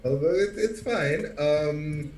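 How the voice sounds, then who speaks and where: A man's voice: on the high side, takes it slowly, a little mellow, reverberant, recorded from a distance, rough recording. A man co-hosting a live chess lesson, playful and teasing, talking straight to the chat. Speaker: chess co-host.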